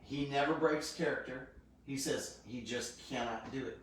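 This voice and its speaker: A man's voice: medium pitch, moderate pace, a bit bright. A man co-hosting a casual live stream, agreeable and chiming in with short replies. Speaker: co-host. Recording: echoey room, distant mic, faint noise.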